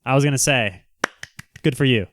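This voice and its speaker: A man's voice: medium pitch, moderate pace, a bit bright, dry recording, clean studio sound. Brash, teasing man hosting a live chat. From Southern California. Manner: brash, teasing, joking banter. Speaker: livestream host reading chat. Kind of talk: casual livestream chat.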